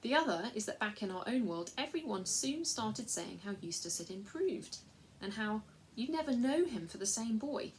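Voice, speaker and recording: A woman reading a children's storybook aloud at a measured, even pace. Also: a little high, slight background noise. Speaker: reader.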